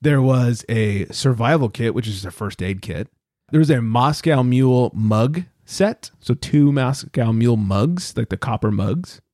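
A man's voice: medium pitch, a little slow, no room sound, clean studio sound. A man co-hosting a casual podcast, telling stories with lots of swearing and acting out other people's lines. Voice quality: swears freely, animated storytelling. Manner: acts out quotes in raised voices. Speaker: podcast co-host. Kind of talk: casual chat.

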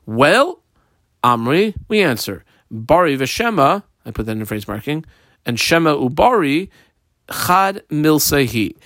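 Man, Talmud teacher, explaining line by line, lively pitch, dry close mic. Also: measured pace, no room sound. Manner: explains text step by step, translating phrases, with many fillers. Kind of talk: daily Talmud study lesson.

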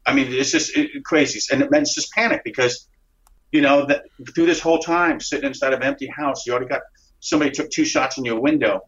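Man, interview guest, excited rambling storyteller, restarts and swearing, medium pitch, muffled lo-fi sound. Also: quick pace. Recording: dull lo-fi recording.

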